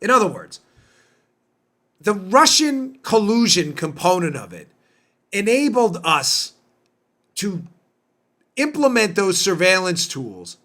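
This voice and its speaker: Fired-up guy doing his political podcast, high bright voice, keeps asking are you serious. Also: very animated, slow, pauses often. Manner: emphatic, indignant, rhetorical questions. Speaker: podcast host. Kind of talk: political commentary monologue.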